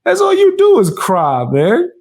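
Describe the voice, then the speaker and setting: A man's voice: wildly swooping pitch, unhurried, darkish tone, full character voice. A man putting on a whiny, crying voice to mock a rival as a sobbing grown man. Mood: mocking whine. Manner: wailing, sobbing, shrill.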